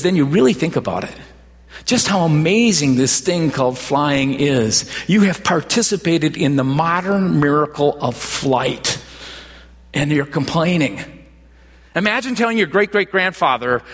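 Storytelling pastor in a reverberant hall. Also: male voice, fairly high pitch, fairly bright tone. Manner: conversational storytelling with repeated restarts. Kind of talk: sermon.

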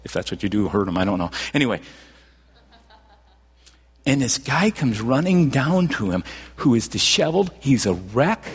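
A man preaching a sermon, telling a Bible story with loud bursts and hushed, near-whispered moments. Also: medium pitch, very animated, moderate pace, long pauses, husky, big-room sound. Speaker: pastor. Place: church sanctuary.

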